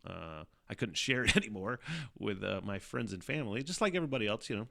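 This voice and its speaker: A man's voice: lowish voice, lively intonation, fast, gravelly, a bit bright. Profane, rambling man hosting a podcast. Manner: profane, rambling, laughs often; sighs and mutters in exasperation. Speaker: podcast host. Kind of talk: casual solo podcast chat.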